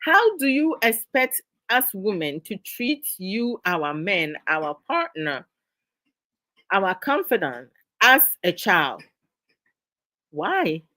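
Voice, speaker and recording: Hosting a live discussion stream, a middle-aged woman talks casually to her viewers, lecturing with exasperation and frequent laughs. She has a mid-range, sing-song voice with a sharp tone and speaks slowly, recorded dry.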